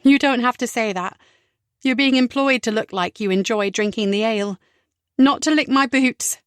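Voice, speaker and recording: A woman voicing a spirited businesswoman in an audiobook, forthright and lively. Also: on the high side, fairly quick, no echo, studio quality, natural voice. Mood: brisk.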